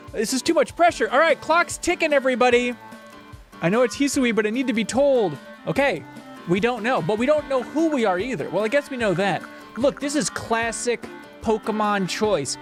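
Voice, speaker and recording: A man streaming a video game live, joking excitably and talking straight to his chat viewers. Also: very high-pitched, normal speed, soft background music. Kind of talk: casual live-stream commentary.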